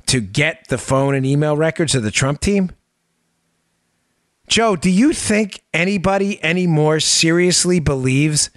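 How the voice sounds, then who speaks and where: A man hosting a political talk show, animated and emphatic, sarcastic and quick to laugh. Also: a little high, no echo, studio quality. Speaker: host.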